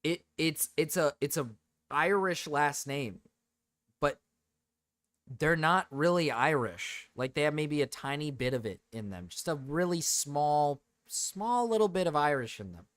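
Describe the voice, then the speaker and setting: A man's voice: fairly high pitch, animated, a little slow, a bit bright, no echo, clean studio sound. A man streaming, rambling through joking rants with lots of repetition and swearing. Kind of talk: casual live-stream chat.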